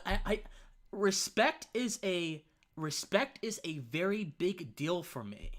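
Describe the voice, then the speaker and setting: A young man hosting his own casual opinion livestream, with a fairly high voice that rises and falls a lot. He talks in a rambling, conversational way, stumbles over words and keeps restarting his sentences. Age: young adult. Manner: lively and conversational, says man often. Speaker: livestream host.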